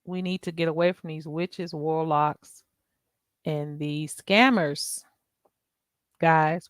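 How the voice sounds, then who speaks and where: A woman's voice: low-pitched, dry recording, clean studio sound. A middle-aged woman hosting her own vlog, talking in an emphatic, exasperated, preachy way. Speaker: YouTube channel host. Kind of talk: casual vlog rant.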